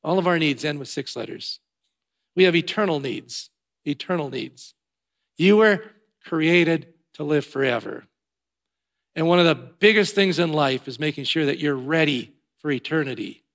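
A male preacher giving a sermon, shifting between loud emphatic lines and quiet, low passages, with repeated rhythmic phrases. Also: moderate pace.

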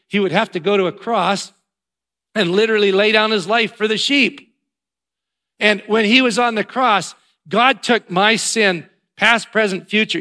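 A male preacher giving a sermon, shifting between loud emphatic lines and quiet, low passages, with repeated rhythmic phrases.

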